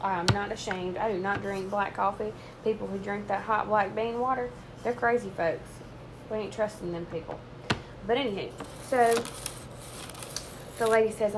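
A woman's voice: mid-range voice, moderate pace. Folksy woman, chatty encouragement. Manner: chatty, folksy, addresses listeners as y'all. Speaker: Christian vlogger and mother. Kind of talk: casual faith-based encouragement and storytelling. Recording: steady background noise.

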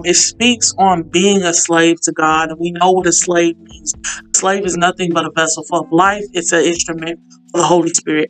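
Earnest woman leading a Bible study. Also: lowish voice. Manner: earnest, chatty, fervently prayerful. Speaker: Bible study leader and podcast host. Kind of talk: casual Bible study teaching with spoken prayer.

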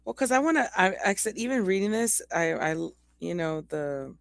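A woman's voice: mid-range voice, lively intonation, normal speed, no echo. Woman cohost rambling earnestly through a story, lots of restarts, dry close sound. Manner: talkative, tells stories with many restarts. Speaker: podcast co-host. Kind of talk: casual faith podcast chat.

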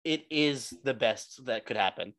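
A man's voice: mid-range voice, lively intonation, a little slow, fairly bright tone, no room sound. A young man co-hosting a podcast, chatting casually and swinging between mock exasperation and helpless laughter. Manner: exasperated, giggly, dramatic. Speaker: podcast co-host.

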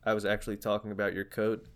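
A man's voice: lowish voice, completely flat delivery, fast talker. A young man co-hosting a casual podcast, rambling with many fillers and restarts as he retells an interview. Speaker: podcast co-host. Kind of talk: casual chat about music.

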